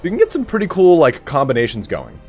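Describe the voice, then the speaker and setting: A man's voice: a little high, wildly swooping pitch, fast talker, darkish tone, soft background music. A man livestreaming a video game, chatting casually to his viewers and explaining the mechanics as he plays. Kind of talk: casual gameplay commentary.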